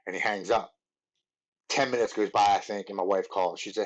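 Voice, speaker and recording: Male guest, lowish voice, earnest and halting, stumbles and repeats words while telling his story. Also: steady tone, lo-fi sound. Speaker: podcast guest. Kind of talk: personal recovery story.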